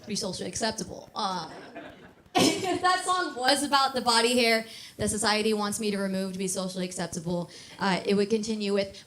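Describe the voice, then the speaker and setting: A woman's voice: fairly high pitch, normal speed, fairly bright tone, slight background noise. Brash woman doing stand-up. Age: 30s. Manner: brash, laughs at her own jokes. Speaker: stand-up comedian. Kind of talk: stand-up comedy set. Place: comedy club stage.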